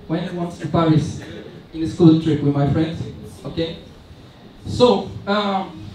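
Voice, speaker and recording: A man's voice: high-pitched, a little mellow, slight background noise. A young man doing a stand-up comedy set, chatty and self-mocking, telling loose stories with many asides. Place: large event hall with audience. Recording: echoey hall recorded from far off.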